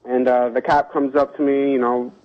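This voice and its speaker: A man's voice: medium pitch, flat delivery, moderate pace. Young male caller on a dull line. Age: young adult. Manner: plain storytelling with fillers, polite. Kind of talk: phone-in story. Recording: dull call-in phone line.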